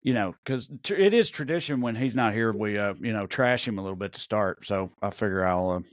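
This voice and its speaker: A man's voice: lowish voice, no room sound. A man with a Southern US accent, co-hosting a podcast in loose, rambling banter full of fillers. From American South. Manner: rambling, drawn-out thoughts with many fillers. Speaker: podcast co-host.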